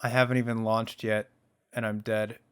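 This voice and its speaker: A man's voice: fairly low pitch, flat delivery, normal speed, a bit bright, clear, resonant tone. A man giving casual gameplay commentary as a let's play host, chatty and wondering aloud.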